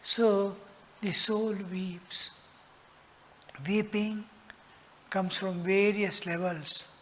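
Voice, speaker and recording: A man giving a spiritual discourse as a monk teacher, earnest and slow, at times dropping into a whisper. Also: sits high, fairly bright tone. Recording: long hall reverb.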